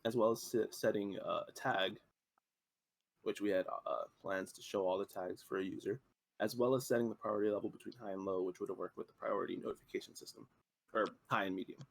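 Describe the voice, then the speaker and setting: A young man, a student presenter, walking through a software demo in an explanatory, halting way with frequent fillers. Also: fairly low pitch, fairly even intonation, vocal fry.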